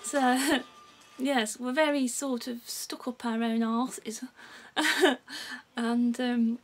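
Brummie woman vlogger, a little high-pitched, chatty and giggly, drifts off topic; music audible underneath. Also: fairly even intonation, extremely slow, rough recording. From England. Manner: rambling, giggly, loses her thread. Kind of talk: casual chat to camera. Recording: clear music playing behind her.

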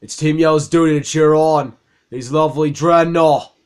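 A man voicing a pompous male video-game villain with a put-on British accent and a lower, deliberate tone. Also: fairly even intonation, smooth, natural voice. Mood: smug. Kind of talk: reading game dialogue in voices.

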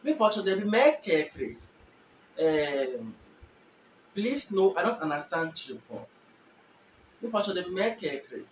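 A man from Ghana giving a beginners' language lesson, saying each phrase slowly and repeating it for the learner. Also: high-pitched, very animated, a little hiss or hum. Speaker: language teacher. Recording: echoey room, mic at a distance.

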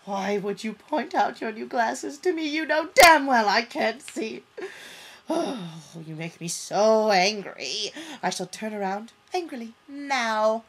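A vain soap opera siren, played by a woman in a comic parody, with a slightly high voice. She purrs her lines in a mock-seductive, over-dramatic way. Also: animated, slow, a bit bright, slight background noise, exaggerated voice.

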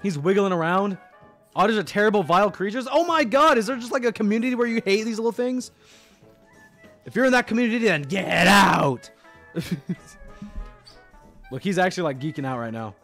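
A young male streamer with a high voice that swoops all over as he talks. He chats casually with his viewers, bursting into excited squeals and then dropping to mumbles. Faint music plays behind him. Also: fast. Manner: excitable, animated, swings between loud squeals and mumbles. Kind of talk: casual livestream commentary.

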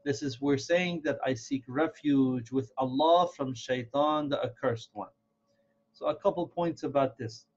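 A man teaching a recitation lesson, explaining step by step and slowly repeating words to model how they are pronounced. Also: mid-range voice, a little mellow. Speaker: Quran reading teacher. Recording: dull lo-fi audio.

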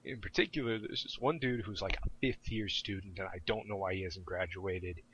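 A young adult man telling stories in casual chat, animated and full of profanity. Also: low-pitched, fairly quick, slight background noise. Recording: dull lo-fi audio.

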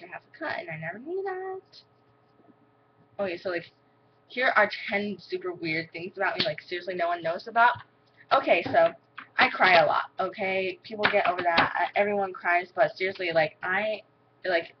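A teenage girl vlogging casually to camera, rambling with lots of fillers and excitable asides. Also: mid-range voice. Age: teens. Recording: dull lo-fi webcam audio with faint noise.

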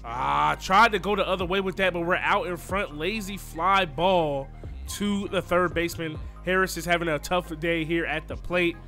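A man with a high, bright, forceful voice narrates his video game like a sportscaster, hyping up his players as plays unfold. Soft music runs under his talk. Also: moderate pace. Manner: excitable, cheers on his players, says "you know what I mean". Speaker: gaming YouTuber. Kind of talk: live play-by-play gameplay commentary.

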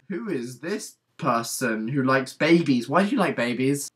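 A man from England chatting on a webcam video, excitable and shrieky, giggling often. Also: mid-range voice, moderate pace, few pauses. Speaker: vlogger.

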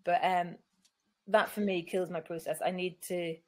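A woman's voice: on the low side, little pitch movement, measured pace. A middle-aged woman author talking casually in an interview, chatty and self-deprecating, acting out other people's lines as she tells stories. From Newcastle, England. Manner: chatty, self-deprecating, acts out quoted voices. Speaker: picture book author, guest.

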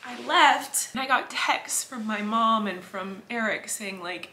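A woman's voice: fairly high pitch, unhurried, few pauses, pushed and bright, slight background noise. A woman in her thirties vlogging casually from a hotel room, rambling and talkative with lots of fillers. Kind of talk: casual chatty vlog.

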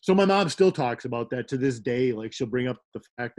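A man's voice: medium pitch, lively intonation, a little fast, a little mellow. A middle-aged man from the American Midwest, rambling through stories in casual chat, laughing often. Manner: rambling, laughing, full of fillers. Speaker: guest, rave promoter.

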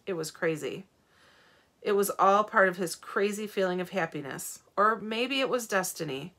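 A woman, a teacher, reading a novel aloud to her students in a calm, steady storytelling manner. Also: mid-range voice, moderate pace. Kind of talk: read-aloud storybook narration.

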